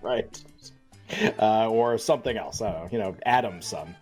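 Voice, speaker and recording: A man's voice: on the low side, normal speed, a little mellow, soft background music. A man co-hosting a sports betting podcast, chatting in a laid-back way with wry asides. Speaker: podcast co-host. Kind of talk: casual sports betting chat.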